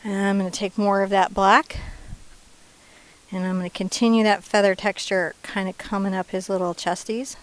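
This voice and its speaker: A woman's voice: medium pitch, fairly even intonation, normal speed, rough recording. Casting: woman painting instructor, chatty and playful, mid-range voice, casual step-by-step lesson. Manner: chatty and playful, drops into soft asides.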